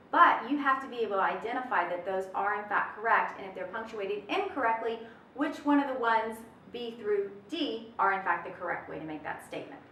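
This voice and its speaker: A chatty woman teaches a recorded test prep lesson, upbeat and full of folksy asides. Her voice is bright and on the high side. It carries a roomy echo from a mic set at a distance. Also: a little hiss or hum.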